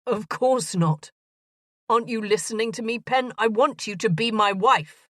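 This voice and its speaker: A woman voicing an earnest, bumbling gentleman of thirty proposing marriage in a romance audiobook. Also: fairly high pitch, measured pace, no room sound, clean studio sound. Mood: pleading.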